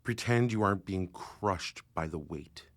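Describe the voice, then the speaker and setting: A man's voice: sits low, unhurried. A man performing a young man shaken after being outed, in a tense spoken-word delivery. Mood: anguished.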